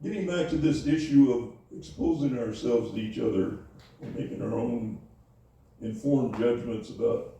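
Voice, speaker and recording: An older man recalling his Navy years in an oral history interview, speaking haltingly with many fillers and restarts. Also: mid-range voice, mellow, slight background noise. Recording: echoey room, voice from far off.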